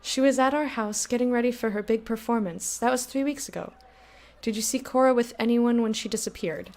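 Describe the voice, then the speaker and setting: A woman reading aloud as a worried woman looking for her missing sister, in a soft, earnest voice. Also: a little high, brisk, natural voice.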